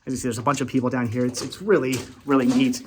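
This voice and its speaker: A woman with a notably low voice gives a loose, walk-along vlog commentary. She is enthusiastic and rambly, stumbling over and repeating words, with a faint hiss under the recording. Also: flat delivery, fast talker. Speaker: travel vlogger. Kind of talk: casual walking vlog narration.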